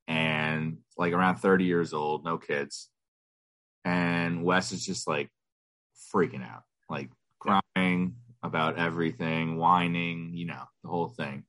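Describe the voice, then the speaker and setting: A man's voice: low voice, fairly bright tone, no echo. A man co-hosting a podcast about fatherhood, telling stories in a laid-back, self-deprecating way. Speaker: podcast co-host. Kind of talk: casual chat.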